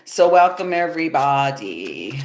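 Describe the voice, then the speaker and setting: A woman hosting a casual tarot reading live from home, her voice low and her pace slow and unhurried. Allergies leave her sounding stuffy and nasal. She talks in a laid-back, loose way into her phone, swearing in passing. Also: sing-song, darkish tone. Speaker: tarot reader. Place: home after yoga.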